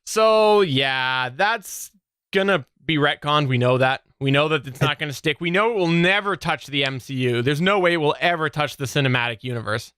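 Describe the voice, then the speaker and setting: Podcast host guy, bright smooth voice, chatty and laughy, dry close mic. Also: a little high, moderate pace, dry recording. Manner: laughs often, animated and chatty. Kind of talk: casual podcast chat.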